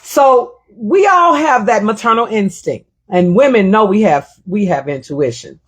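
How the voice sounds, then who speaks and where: A woman's voice: mid-range voice, animated, a little slow, breathy edge. A middle-aged woman hosting her own show, telling a personal story in a reflective, emotional way and repeating her phrases. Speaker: show host.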